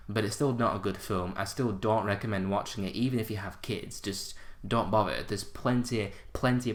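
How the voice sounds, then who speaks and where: A man's voice: lowish voice, a bit bright. A man giving a casual spoken movie review on his channel, blunt and unimpressed in a conversational way. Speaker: film reviewer.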